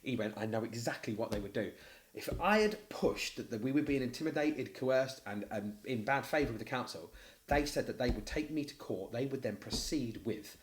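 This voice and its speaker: A man with a Mancunian accent, a tattoo studio owner, telling a story in casual podcast chat, blunt and animated, swearing freely. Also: medium pitch, moderate pace, slight background noise. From Manchester, England.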